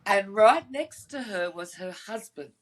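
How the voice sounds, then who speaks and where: A woman's voice: mid-range voice, lively intonation, a little slow, slight background noise, low-quality recording. An Australian woman co-hosting a podcast, telling blunt, cheeky stories in a casual chat over a video call. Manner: chatty storyteller, blunt and cheeky. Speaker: podcast co-host.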